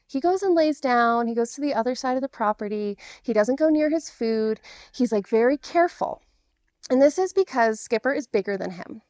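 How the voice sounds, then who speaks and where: A woman's voice: fairly high pitch, no echo, clean studio sound. A middle-aged woman coaching men through divorce, explaining patiently and earnestly in a direct-to-camera talk.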